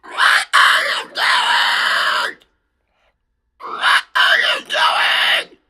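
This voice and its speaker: A young man doing an eerie hissing game moderator. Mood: shrill whisper. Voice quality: unvoiced, whispery hiss rising to a shouted whisper. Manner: slow, drawn-out, menacing. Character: creepy hissing male game moderator stalking cheaters.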